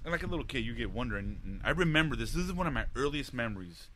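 Man, casual storyteller, animated pitch, bright tone, swears, laughs a lot. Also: very fast, slight background noise. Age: adult, a father. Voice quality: profane, laughs often while telling.

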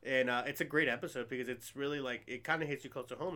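A man from New Jersey talks in quick bursts, chatting casually and tossing in swear words with plenty of enthusiasm. His pitch sits in a middle range and his pace runs fast. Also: fairly even intonation, fairly bright tone. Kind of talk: casual chat.

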